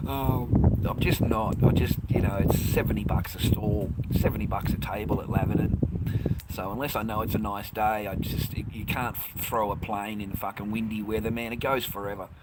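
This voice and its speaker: An Australian man in his fifties hosts a livestream, chatting casually with viewers while ranting bluntly and swearing a lot. His voice is lowish with fairly even intonation at normal speed, under heavy background noise.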